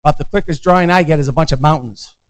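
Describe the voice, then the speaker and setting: A man's voice: on the high side, fast, smooth, poor audio. Chatty American man lecturing. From United States. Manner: conversational, keeps checking in with "all right?". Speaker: visiting professor.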